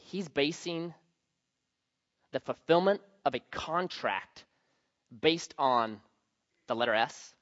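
In a mid-range voice, a male pastor gives an easygoing, conversational sermon from scripture with anecdotes, leaning hard into key words and varying his loudness for stress. No room sound is audible, but the audio is slightly muffled.

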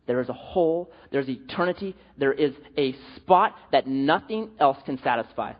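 A man's voice: mid-range voice, expressive, moderate pace, hardly any pauses. A male pastor preaching a sermon, telling stories animatedly with jokes, in an echoey hall with dull sound.

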